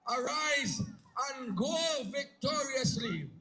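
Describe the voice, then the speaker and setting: A man's voice: very high voice, animated, slow pace, sharp tone, heavily acted, poor audio. A man voicing a proud queen mother who exhorts and blesses her sons.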